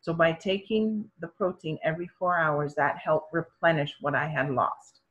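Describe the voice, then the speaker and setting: A woman's voice: low voice, moderate pace, dull audio. A middle-aged woman telling her own health story in a conversational way, acting out the voices of the people in it. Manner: animated, acts out quoted voices of doctors and parents. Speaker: storyteller sharing her experience.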